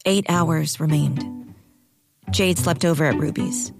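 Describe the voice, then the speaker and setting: Low gravelly woman narrating a story. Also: slow, music in the background. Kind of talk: audiobook narration.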